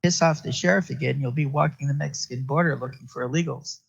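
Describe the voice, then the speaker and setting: A man's voice: medium pitch, fast, gravelly, breathy edge, highs cut off. A man reading a wisecracking laid-back male detective. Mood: teasing. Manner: teasing, dry banter.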